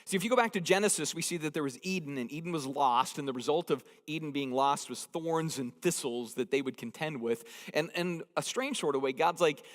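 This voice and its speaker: A man's voice: fairly high pitch, a little fast, hardly any pauses. A man preaching a sermon as pastor. He talks conversationally and jokes, and he stresses points by repeating phrases. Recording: long hall reverb.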